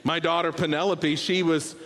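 A man preaching a sermon, telling family stories with lively bursts and then dropping to a hushed, earnest tone. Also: a little high, normal speed, noisy background. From Bahamas. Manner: storytelling, swings from loud animated bursts to hushed earnest tones. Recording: long reverb of a large hall.

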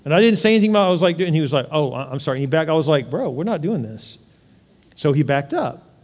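A high-voiced man delivers a sermon in a conversational, questioning way. He keeps asking his listeners pointed rhetorical questions and sometimes acts out small scenes with sudden loud cries. His voice rings out with the long reverb of a large hall. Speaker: pastor.

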